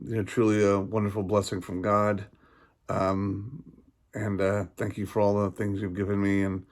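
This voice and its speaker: A man with a lowish voice talks into his camera in a casual video message. He sounds tired and yawny, rambling along with frequent fillers, restarts and pauses, sincere and grateful in tone. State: tired, yawning. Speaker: vlogger.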